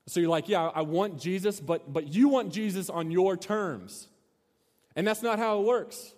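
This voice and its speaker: A pastor preaches an animated sermon, telling a long story and acting out shouts. His voice sits a little high for a man, he speaks unhurriedly, and it rings in the long reverb of a big hall.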